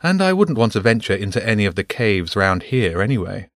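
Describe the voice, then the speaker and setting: A man voicing a calm, precise falcon in an audiobook, speaking matter-of-factly. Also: lowish voice, brisk, no room sound. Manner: matter-of-fact, dry.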